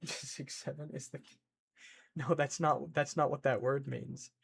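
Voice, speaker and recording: A man chatting casually on a stream in an excitable, rambling way, reacting to chat and scolding his pet. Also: medium pitch, a little slow, creaky.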